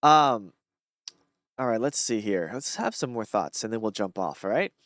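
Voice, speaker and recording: A man on a solo stream, rambling and reflective, with a lively, swooping pitch. His voice is close and dry with no room sound. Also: normal speed, no echo. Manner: rambling, reflective, many fillers and restarts. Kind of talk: casual solo talk reading and musing on thoughts.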